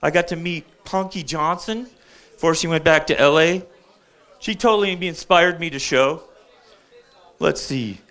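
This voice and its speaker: A man's voice: a little high, measured pace, pauses often, fairly bright tone. An older man doing rambling stand-up stories at an open mic on a bar stage, often checking in with the crowd. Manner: chatty, keeps checking in with the crowd.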